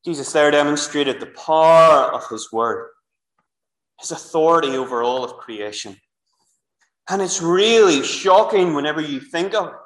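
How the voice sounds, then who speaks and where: A Northern Irish minister preaching through a clip-on mic, his high, bright voice ringing around a roomy church. He tells the story in a lively, chatty way, turning often to the children and the congregation. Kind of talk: sermon. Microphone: clip-on microphone. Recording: echoey church room.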